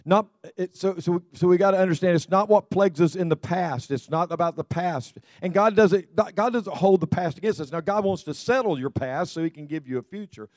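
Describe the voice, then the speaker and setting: Male pastor, sermon, slightly high voice, dry close sound, folksy restarts. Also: brisk, few pauses, darkish tone, no echo. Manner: repetitive restarts, folksy storytelling.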